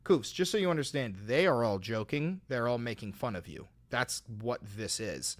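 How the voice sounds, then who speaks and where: Reading donations aloud on his livestream, a man speaks at a normal pace with lively intonation and a sarcastic edge. He swings between loud, mocking tirades and quiet, dry responses.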